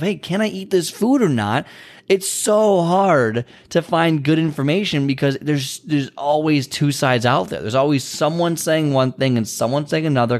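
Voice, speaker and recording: Male trainer hosting his own podcast; loose, repetitive, filler-heavy talk at an ordinary pitch. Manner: rambling, repeats himself, frequent fillers. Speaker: fitness and nutrition trainer. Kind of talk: casual podcast monologue.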